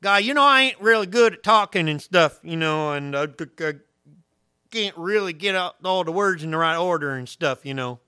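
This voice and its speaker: A man's voice: fairly high pitch, animated, normal speed, sharp tone, smooth, no echo, studio quality. A man voicing a nervous, uneducated rural man who stutters and rambles with fillers. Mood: flustered.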